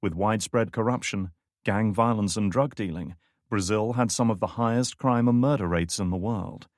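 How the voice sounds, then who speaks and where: A man's voice: lowish voice, moderate pace, dry recording, clean studio sound, close to an everyday voice. A man playing an eager tech-savvy man. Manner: eager, explanatory.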